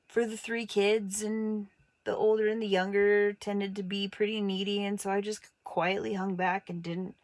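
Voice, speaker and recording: A woman from Montana telling personal stories about growing up, in a casual, candid way. She throws her voice up high when she quotes teachers and family, making the stories animated. The room sounds dry, with no echo. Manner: animated, acts out quoted voices with big pitch jumps. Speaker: artist telling her life story.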